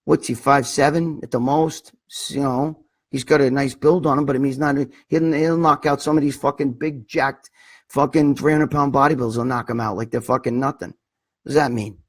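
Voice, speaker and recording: A middle-aged New man with a husky, slightly raspy voice hosts a casual livestream chat. He rambles in a blunt, profane way, circling back to his points with plenty of filler and swearing. His pitch sits at an ordinary middle level for a man. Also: steady tone, normal speed. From New York. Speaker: livestream host.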